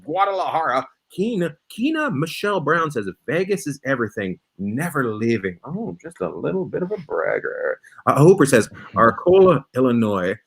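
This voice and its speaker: A man's voice: mid-range voice, big pitch swings, moderate pace, gravelly, husky. A man hosting a comedy panel game, teasing his guests with mock outrage. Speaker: host. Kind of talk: playful game-show banter.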